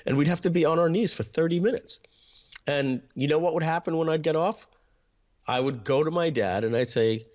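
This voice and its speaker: A man being interviewed, reflectively telling family stories about his upbringing and often clearing his throat. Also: fairly high pitch, fairly quick, a little mellow, highs cut off. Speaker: interview guest, internet marketer. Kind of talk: personal storytelling in an interview.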